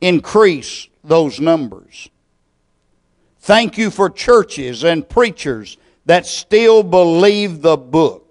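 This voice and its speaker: Brief: male pastor, fairly high voice, unhurried measured sermon and prayer. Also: animated. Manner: slow, deliberate preaching with measured pauses.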